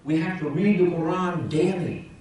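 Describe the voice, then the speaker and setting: A man's voice: fairly high pitch, normal speed, darkish tone, recorded from a distance, a little hiss or hum. A man in his role as imam, giving a Friday sermon in a conversational preaching manner with rhetorical questions, his voice rising and dropping. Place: mosque prayer hall. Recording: very echoey mosque hall, speaker off-mic.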